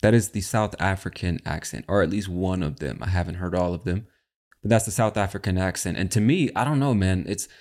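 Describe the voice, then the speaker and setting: Podcast host, low male voice, chatty and lively, talks straight to the listener. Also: fairly quick. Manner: animated, chatty, addresses listener as "my friend". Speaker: podcast host and English teacher. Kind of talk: casual educational podcast.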